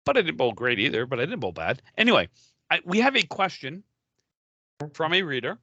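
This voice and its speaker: A man's voice: a little high, big pitch swings, brisk, sharp tone, dry recording, dull audio. A man co-hosting a podcast, bantering casually in an exasperated, joking way. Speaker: podcast co-host.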